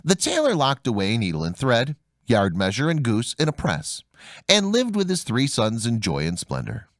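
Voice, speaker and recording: Animated male storybook narrator. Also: normal speed, no echo, studio quality. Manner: highly animated, swooping pitch on dialogue. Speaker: audiobook narrator.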